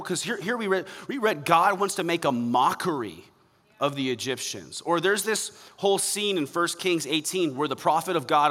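A man's voice: a little high, bright, forceful tone, long reverb tail. A man preaching a sermon as pastor, blunt and emphatic, with rhetorical asides.

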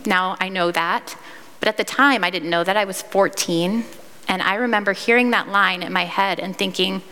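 Woman, 30s, from Iowa, earnest testimony speaker, bright tone, lingering hall reverb. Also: medium pitch, fairly even intonation, moderate pace. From Iowa, United States. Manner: earnest, candid storytelling with fillers and restarts. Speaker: speaker sharing a personal testimony. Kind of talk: personal testimony.

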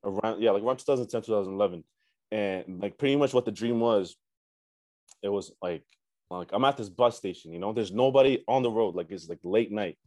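Young male guest, low-pitched, casual slangy storyteller, dry close sound. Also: fairly quick, a little mellow, no room sound. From Canada. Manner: laid-back slangy talk with many fillers and profanity. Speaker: musician guest.

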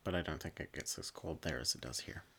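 A young woman in relaxed casual chat, laughing a lot. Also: a bass voice, fast talker, slight background noise. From Saskatchewan, Canada.

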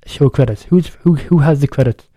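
A young man hosts a music radio show, rambling and correcting himself as he chats casually. His voice sits a little high and sounds mellow. The studio sound is dry and close. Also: brisk, no echo. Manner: rambling, self-correcting, chatty. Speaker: radio DJ host.

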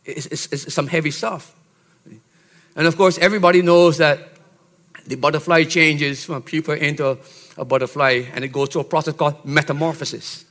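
A pastor preaching an expository sermon in a teacherly way, checking in with his listeners and building up to loud, emphatic exhortation. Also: fairly high pitch, fairly even intonation, normal speed. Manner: teacherly, checks in with "Okay?" and "See?".

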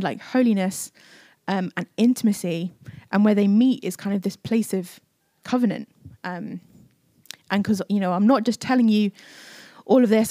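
A female preacher with a medium-pitched, dark-toned voice gives a chatty sermon during a church service. She uses plenty of fillers and acts out the lines she quotes, and there's no room sound in the recording.

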